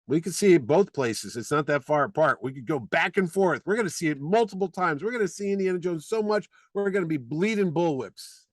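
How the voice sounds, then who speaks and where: A man's voice: a little high, animated, a little fast, few pauses, dry recording. Opinionated ranting man, dry close sound. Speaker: podcast co-host. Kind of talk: casual chat.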